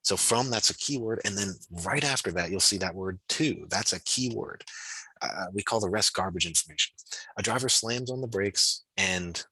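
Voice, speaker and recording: A man with a deep, bright, husky voice tutors physics over a video call. He thinks out loud in a relaxed, encouraging way and scatters fillers through his explanations. The sound is dry and close. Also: normal speed, no echo, rough recording. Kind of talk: online tutoring session.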